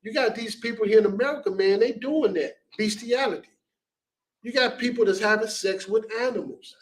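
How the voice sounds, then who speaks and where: A man's voice: sits high, moderate pace, recorded from a distance, poor audio. A man teaching a Bible class in an emphatic, blunt and repetitive preaching style, often ending lines with "man".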